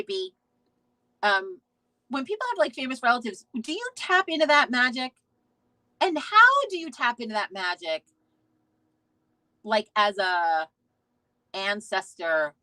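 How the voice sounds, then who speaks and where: A woman's voice: mid-range voice, sharp tone, no echo, poor audio. A woman hosting a casual live stream, chatting in a rambling way, reading out viewer comments, swearing freely and restarting her sentences. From United States. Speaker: host of a witchcraft talk stream.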